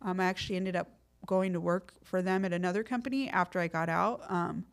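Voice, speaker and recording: A woman's voice: on the low side, a little fast. A middle-aged woman, a podcast guest telling her story in casual, streetwise slang full of fillers. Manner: lively when acting out quotes.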